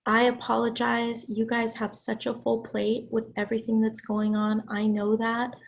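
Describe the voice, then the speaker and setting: Woman, hoarse, raspy, gravelly fry, college writing lecture over a computer mic. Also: a little high, completely flat delivery, moderate pace. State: hoarse from illness. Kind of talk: online class lecture. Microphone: computer mic on a video call.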